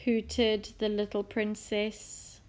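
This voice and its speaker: A woman reading a children's picture book aloud in a very slow, expressive way, dropping now and then into a soft whisper. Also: mid-range voice. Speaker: storyteller.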